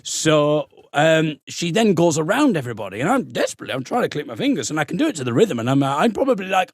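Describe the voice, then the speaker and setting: A man from Middlesbrough, a comedian telling a funny story as a podcast guest, animated and self-mocking. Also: a little high, fast, no room sound, clean studio sound. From Middlesbrough, England. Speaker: comedian and folk singer, guest.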